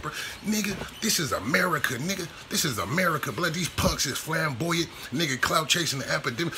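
A man's voice: on the high side, sharp tone, a little hiss or hum. A man vlogging a casual commentary rant, profane and repetitive in his street slang.

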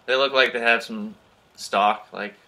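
A man's voice: medium pitch, steady tone, unhurried, pushed and bright. A young man hosting a gaming video, chatting in a goofy, playful way. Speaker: gaming channel host. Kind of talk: casual gaming chat.

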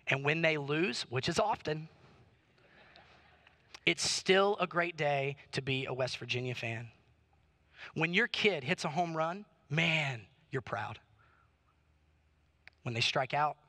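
A man's voice: fairly high pitch, pushed and bright. A man preaching a sermon as pastor, emphatic, with repeated rhetorical questions. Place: church auditorium.

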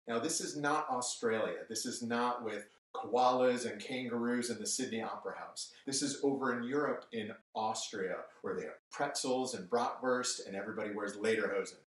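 A man teaching a music lesson to children on television, cheerful and brisk as he talks straight to the kids. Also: mid-range voice. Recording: echoey room, mic at a distance.

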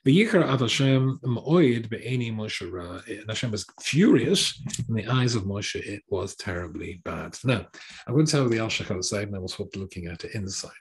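A man's voice: fairly low pitch, expressive, normal speed. A man teaching a Torah class as a rabbi, translating line by line with wry, sarcastic asides and hesitant restarts.

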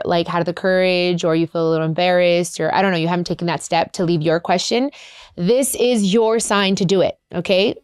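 A woman's voice: mid-range voice, smooth, no echo, clean studio sound. A woman hosting an advice podcast, talking in a candid, chatty way and mixing in Spanish phrases. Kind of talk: casual chat.

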